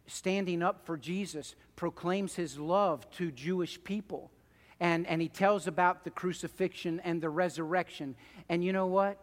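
A man preaching a sermon in a church, telling stories in an animated, emphatic way. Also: sits high, in a large hall. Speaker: pastor. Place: church sanctuary.

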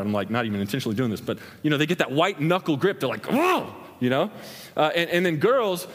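A young man preaching a sermon in a large hall, acting out scenes as he tells stories. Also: mid-range voice. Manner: animated storytelling, acts out scenes with hand gestures. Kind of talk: sermon with acted-out examples. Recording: long hall reverb.

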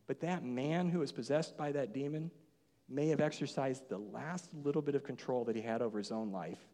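A man preaching a sermon in church, telling stories with lively swings from hushed tones to emphatic bursts. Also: fairly high pitch, long reverb tail. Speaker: pastor. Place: church sanctuary.

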